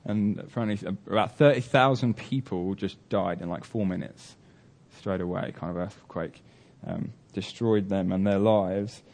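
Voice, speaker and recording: A man's voice: on the low side, normal speed, a little mellow, slight background noise. A man preaching a sermon, telling a story earnestly with many fillers and restarts.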